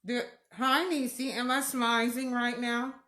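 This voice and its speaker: A woman's voice: on the high side, flat delivery, measured pace, sharp tone. A woman hosting a casual live stream from home, greeting viewers by name and laughing often. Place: room at home. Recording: echoey room.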